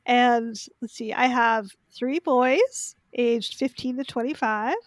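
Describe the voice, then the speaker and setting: A woman's voice: a little high, slow, no echo. A middle-aged woman, a podcast guest, chatting casually and explaining things in long run-on sentences. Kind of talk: casual interview chat.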